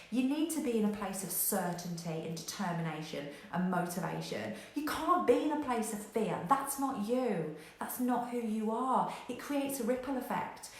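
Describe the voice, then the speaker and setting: A woman business coach giving a motivational talk, energetic and direct, who acts out panicked voices and swears casually. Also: fairly high pitch. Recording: very echoey room.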